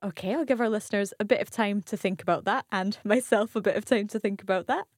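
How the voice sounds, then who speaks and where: A woman's voice: medium pitch, fast talker, no room sound, studio quality. A woman with a Scottish accent co-hosting a language podcast as the learner, asking careful follow-up questions. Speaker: learner co-host.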